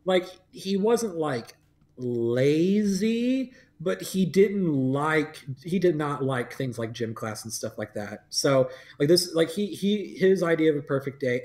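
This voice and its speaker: A young man in his twenties chatting casually on a livestream, rambling through a story with lots of fillers and laughter breaking in. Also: on the high side. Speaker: podcast host.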